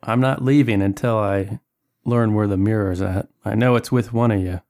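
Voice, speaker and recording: A man voicing a menacing male collector who speaks in an absurdly high-pitched, Italian-accented voice, demanding and threatening. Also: fairly even intonation, normal speed, darkish tone, natural voice.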